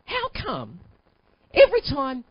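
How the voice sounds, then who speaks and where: A man's voice: very high voice, big pitch swings, moderate pace, no room sound, pitched below the performer's own voice. A man voicing his determined, persuasive wife, pressing her case insistently. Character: determined persuasive wife, middle-aged woman. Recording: dull lo-fi recording.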